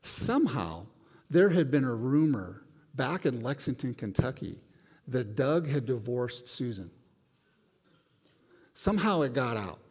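A man's voice: medium pitch, unhurried, long pauses, breathy edge, in a large hall. A man preaching a sermon to his church, telling a personal story and acting out the voices in it. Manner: animated storyteller, acts out voices. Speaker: pastor. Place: church sanctuary.

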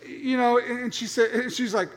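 A man in middle age preaches a sermon in a high, animated voice, stumbling into restarts as he acts out scenes. His words ring with long reverb through a church sanctuary. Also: normal speed. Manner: animated storytelling, acting out voices, frequent restarts. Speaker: pastor.

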